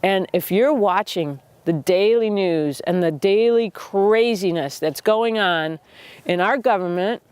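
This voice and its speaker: A woman's voice: mid-range voice, darkish tone, smooth, no echo. Earnest woman talking to camera. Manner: earnest, reflective, with pauses and restarts. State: emotional. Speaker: host. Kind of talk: personal talk to camera.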